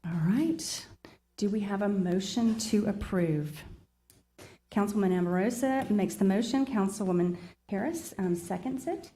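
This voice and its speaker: A woman's voice: medium pitch, measured pace, warm tone. A woman chairing a public meeting. She reads long lists of agenda numbers and apologizes often.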